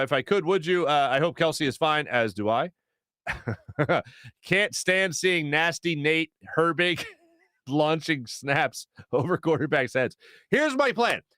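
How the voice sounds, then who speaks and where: A man in his thirties with a Philadelphia accent hosts a live sports show from a small studio. His voice sits a little high and swings widely in pitch as he rambles and jokes through viewer comments. The sound is close and dry. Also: no room sound. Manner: animated, rambling, jokey, lots of fillers and asides. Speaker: sports talk show host. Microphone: studio mic.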